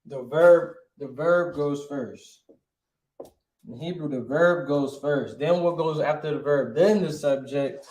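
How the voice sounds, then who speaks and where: Brief: male teacher, slightly higher voice, casual, peppers with "right?", echoey room. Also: a little mellow. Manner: casual, says "right?" constantly, sounds out words slowly. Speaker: Hebrew teacher. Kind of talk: online language class.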